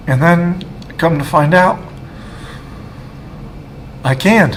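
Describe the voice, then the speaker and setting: A man in his thirties giving a personal faith testimony, halting and emotional, with many restarts. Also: on the high side, a little hiss or hum. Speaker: guest speaker.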